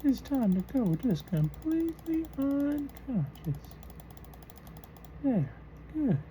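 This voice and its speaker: A woman voicing a croaky elderly person with a throaty, slow, drawn-out way of talking. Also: sits high, sing-song, dark tone, slight background noise, pitched above the performer's own voice, heavily acted, rough recording. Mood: croaking. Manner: drawn-out, slowed speech.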